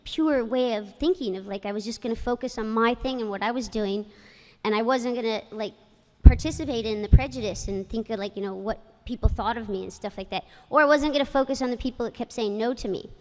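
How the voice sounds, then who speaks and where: A woman's voice: fairly high pitch, fairly quick, a little mellow. A woman giving a personal ceremony speech, telling stories in a chatty way with many fillers. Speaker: inductee speaker, former jockey. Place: ceremony hall. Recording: long hall reverb.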